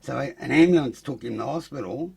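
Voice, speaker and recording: Gravelly Australian man telling stories. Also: mid-range voice, a little fast, a loud crowd. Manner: blunt, profane, animated when acting out fights. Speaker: podcast guest. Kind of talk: casual storytelling.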